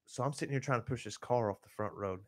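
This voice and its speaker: A man's voice: medium pitch, fast, no echo. Male podcast host, loose and profane storyteller, voices the other people in his story, dry close mic. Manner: animated, profane, acts out quotes with laughter. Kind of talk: casual storytelling.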